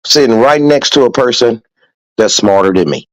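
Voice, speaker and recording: Hosting a podcast, a man with a medium-pitched voice and lively intonation speaks at normal speed; the audio is poor but has no echo. His casual motivational talk is preachy and profane, with emphatic repetition of points.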